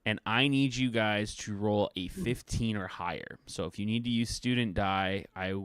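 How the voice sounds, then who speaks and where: A man narrating a tabletop game as game master over a video call, relaxed and chatty. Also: lowish voice, moderate pace, smooth, no echo.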